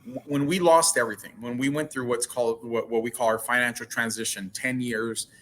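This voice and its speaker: A bright, ringing male voice at a middle pitch, talking earnestly as a guest in an online show. He often restarts, stacking repeated words before getting his thought out. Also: fairly even intonation, fairly quick, slight background noise. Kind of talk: casual interview talk.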